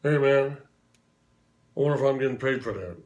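A man's voice: mid-range voice, normal speed, darkish tone, muffled recording, natural voice. A man doing an impression of a laid-back male rock-and-roll star, with a drawling, easygoing delivery. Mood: amused.

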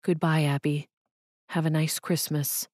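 Brief: woman narrator doing an earnest, wounded businessman boss, subdued, lowish voice, dry close sound. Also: level tone, measured pace, a little mellow, dry recording.

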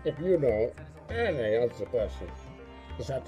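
A man's voice: mid-range voice, very animated, unhurried, dark tone, faint music behind, pitched below the performer's own voice. A man doing a muffled menacing villain. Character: menacing masked male villain, gravelly and threatening.

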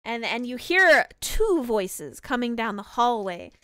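A woman's voice: fairly high pitch, very animated, measured pace, a bit bright, clean tone, no echo, clean studio sound. A woman narrating as game master of an online tabletop game, rambling with frequent restarts.

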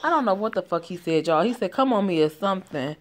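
A woman's voice: fairly low pitch, lively intonation, quick pace. Woman, sassy, swears a lot, streamer-style game commentary. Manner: blunt, sassy, swears freely. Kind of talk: casual commentary on a story game.

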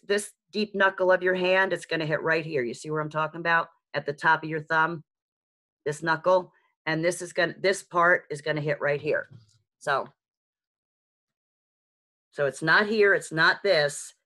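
A woman with a heavy New York accent teaching a beginner sign language lesson on a video call, chatty and frank with joking asides. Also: deep voice. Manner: lively, chatty and frank, with quick asides and self-mocking jokes. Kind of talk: live online lesson. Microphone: video call microphone.

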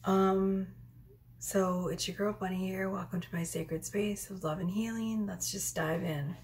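A woman in her thirties giving a casual tarot reading at home, chatty and rambling, with soft whispered asides. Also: mid-range voice, steady tone, measured pace, a little hiss or hum. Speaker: tarot reader. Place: home room.

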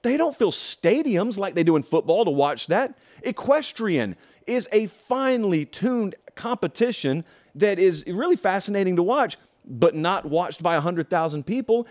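Animated male sports host, emphatic monologue with rhetorical questions and sarcastic asides. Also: high voice, normal speed. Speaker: college football show host. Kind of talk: opinion monologue.

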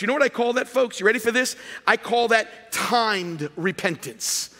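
A male pastor preaching an emphatic sermon in a large church, rising to shouts at his peaks. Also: high voice, big-room sound.

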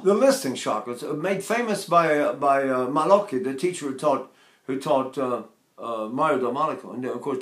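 A man's voice: medium pitch, reverberant. An older man teaching vocal technique, asking rhetorical questions and breaking into short sung vowels to demonstrate.

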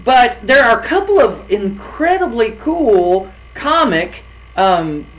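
A man's voice: very high-pitched, very animated, slow pace, fairly bright tone, low-quality recording. A middle-aged man co-hosting a casual chat about recasting films, hesitant, with many fillers and restarts. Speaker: podcast co-host.

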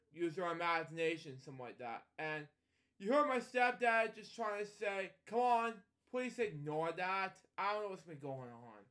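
A man's voice: a little high, fairly bright tone. A man casually reading a picture book aloud as a storytelling host, stumbling over words and wandering into rambling asides at home.

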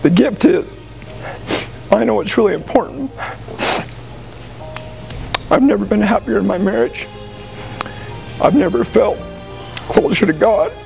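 Emotional American man giving a halting speech. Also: high-pitched, vocal fry, darkish tone, soft background music, low-quality recording. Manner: halting, emotional, with frequent pauses and restarts. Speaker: high school football coach. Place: banquet room with an audience.

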